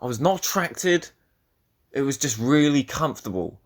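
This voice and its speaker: A man's voice: medium pitch, lively intonation, moderate pace. A young man hosting a solo podcast, rambling and swearing as he talks, often cutting himself off mid-sentence. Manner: rambling, profane, self-interrupting. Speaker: podcast host.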